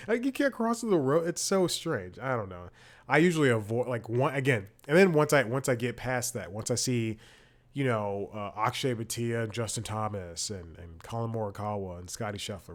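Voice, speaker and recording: A man hosting a comedy podcast who tells rambling personal anecdotes in a casual chat and corrects himself often as he goes. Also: mid-range voice. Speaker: podcast host.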